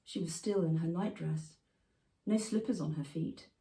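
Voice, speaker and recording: Author reading, female, measured and expressive; low, dark tone, recorded from a distance in an echoey room. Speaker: prize-winning author reading her own memoir piece. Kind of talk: literary reading. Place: festival venue. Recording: roomy, from a distance.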